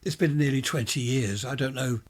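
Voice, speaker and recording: A man's voice: mid-range voice, steady tone, moderate pace, pitched above the performer's own voice, close to an everyday voice. A man reading a ghost story, voicing a flustered, worried mother who pleads and frets. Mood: anxious.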